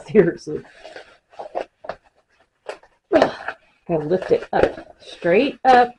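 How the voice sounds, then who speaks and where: A woman's voice: medium pitch, big pitch swings, drawn-out words, noisy background. A woman chatting casually through a crafting demonstration in her home craft room, now and then talking to her pets. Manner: chatty, talks to her pets mid-task. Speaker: crafting vlogger.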